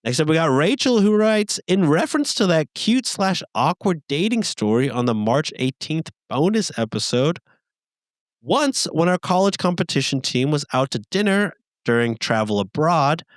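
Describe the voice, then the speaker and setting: Man reading fan mail with lively emphasis. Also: on the high side, normal speed, no room sound. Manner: reads fan letters aloud with lively, rising emphasis. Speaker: podcast co-host reading listener messages. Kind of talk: casual podcast chat.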